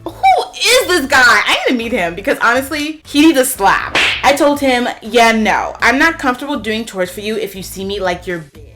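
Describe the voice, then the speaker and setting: A woman's voice: normal speed, hardly any pauses, faint music behind. Sassy woman reacting to online posts. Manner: animated, sassy reactions with big pitch jumps. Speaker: YouTuber.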